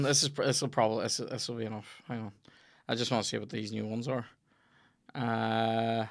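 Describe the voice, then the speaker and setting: A Northern Irish man at mid pitch hosts a laid-back comedy podcast. He spins long, meandering anecdotes full of swearing and asides, talking to his guest like an old friend. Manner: rambling anecdotal storyteller, sweary. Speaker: podcast host. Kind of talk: casual comedy podcast chat.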